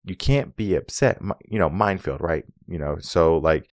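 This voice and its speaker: A man with a very deep voice talks through relationship advice as a coach. The sound is dry and close. He drives his points home with rhetorical questions and acts out snippets of dialogue. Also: moderate pace, no room sound. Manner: acts out quoted dialogue in an animated way. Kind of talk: solo advice talk.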